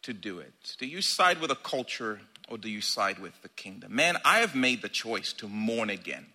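A man preaching a sermon in a conversational, animated way, acting out little asides. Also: lowish voice, moderate pace.

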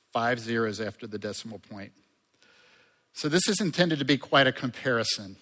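A man preaching a sermon as a pastor, conversational and lively, with asides to the congregation. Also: mid-range voice, big-room sound.

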